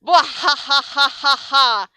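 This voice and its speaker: A woman's voice: high voice, fast talker, pushed and bright, slight background noise, voice pushed up. A woman voicing a monstrous, joy-hating old female teacher who screams and cackles. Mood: menacing.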